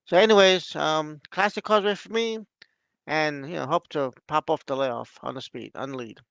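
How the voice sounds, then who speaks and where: A man on a racing panel giving his picks in a casual, halting way full of you know and um. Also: fairly high pitch, creaky, fairly bright tone, clean tone, no room sound, lo-fi sound. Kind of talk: horse racing handicapping talk.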